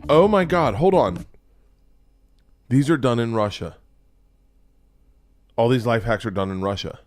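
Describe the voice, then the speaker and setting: Man host, sarcastic, swears a lot, animated commentary, dry close mic, faint music. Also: medium pitch, unhurried, dry recording. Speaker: show host. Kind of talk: profane comedic commentary on videos.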